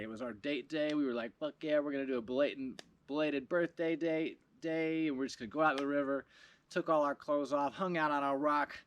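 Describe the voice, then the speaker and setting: A man telling a story in a casual video log, animated, laughing often and swearing freely. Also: mid-range voice, a little hiss or hum. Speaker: video blogger.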